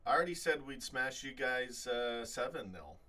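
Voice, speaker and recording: A man hosting a live fan chat stream, reading out viewer comments in an animated, rambling way full of restarts. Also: mid-range voice, normal speed, distant mic. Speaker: fan channel host.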